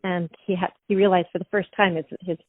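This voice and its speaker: A woman calmly analyzing an interview, thoughtful and measured, using psychological terms. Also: lowish voice, dry recording. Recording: dry, tinny phone-like sound.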